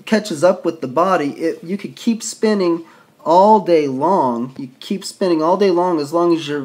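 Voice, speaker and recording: A man's voice: a little high, a little mellow. A man teaching anatomy in a casual lecture, talking informally, often restarting and correcting himself as he thinks aloud. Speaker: instructor. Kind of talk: casual drawing-board lecture.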